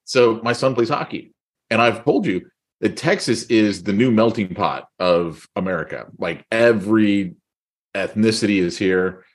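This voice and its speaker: Co-hosting a podcast, a middle-aged man tells stories casually and laughs a lot, animated throughout. His voice sits on the low side and moves at a measured pace.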